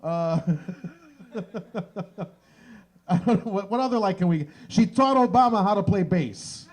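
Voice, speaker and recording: A man hosting a stand-up comedy show in a bar, animated and acting out bits. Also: high-pitched, a little slow. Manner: animated, shifts into exaggerated voices for bits.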